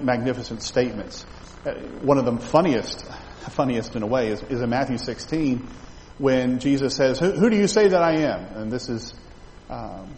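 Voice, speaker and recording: Speaking in a medium-pitched, darkish voice, a male pastor preaches an expository sermon in an echoey church sanctuary. He addresses the congregation conversationally, with restarts and asides, and faint ambience plus a little hiss or hum sits under the recording.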